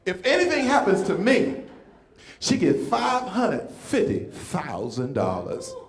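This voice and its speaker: A man performing stand-up with a high, lively voice that swoops up and down. He jokes as a comedian and pastor and keeps checking in with the crowd. The sound is echoey, as if from a big room. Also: slow pace. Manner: animated, teasing the audience with repeated "right?".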